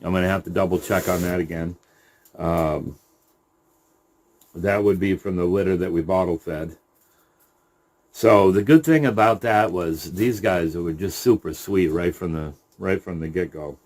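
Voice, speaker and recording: A middle-aged man with a very low, deep voice talks slowly through a casual update on his rabbitry. He hesitates and restarts often, with plenty of fillers, and drops to a soft coo when he turns to the animals. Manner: unhurried and halting, with many fillers and restarts, cooing softly to the rabbits. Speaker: rabbit breeder.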